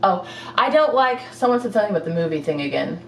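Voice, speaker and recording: A woman's voice: mid-range voice, sing-song, fast talker, slight background noise. A young woman answering viewer questions in a casual, rambling chat full of fillers and little laughs. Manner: chatty, rambling, giggly, lots of fillers. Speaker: fitness vlogger. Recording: echoey room, mic at a distance.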